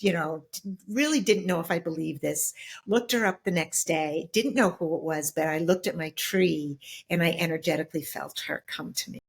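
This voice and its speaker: A middle-aged woman telling her personal story as an interview guest, reflective and halting, with many fillers and restarts. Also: lowish voice, husky.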